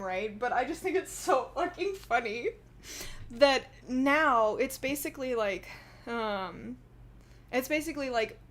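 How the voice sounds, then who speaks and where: A woman's voice: sits high, a bit bright. A young woman from Texas telling a family story in a casual vlog, rambling and giggling often. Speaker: vlogger.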